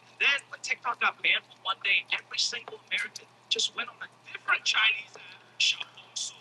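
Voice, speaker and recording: A man telling a comic story in a casual, animated style, swearing freely and acting out other people's voices. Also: high voice, fairly quick, a little hiss or hum, poor audio. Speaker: comedian. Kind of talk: stand-up comedy storytelling.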